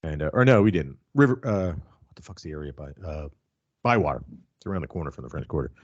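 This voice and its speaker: Talking fast in an extremely low, animated voice, a wrestling podcast host shares casual stories, cursing a lot and laughing throughout. The sound is lo-fi with no room sound.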